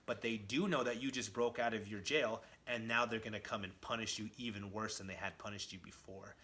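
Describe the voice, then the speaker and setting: A man's voice: on the low side, steady tone, fairly quick, pushed and bright. A man speaking the lines of an arrogant, scheming male cosmic warlord while retelling a comic book.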